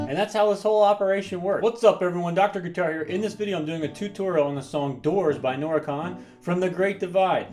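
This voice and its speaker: Upbeat guitar teacher counting over strumming. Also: male voice, on the high side, fairly quick. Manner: upbeat, counting beats aloud while strumming. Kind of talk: guitar tutorial. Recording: guitar playing under the voice. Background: loud guitar.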